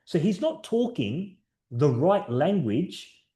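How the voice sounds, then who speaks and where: A man's voice: on the high side, sing-song, slow, dark tone. Upbeat man leading a team training call. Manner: upbeat, encouraging, storytelling. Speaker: sales trainer presenting to a team. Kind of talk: live online training session.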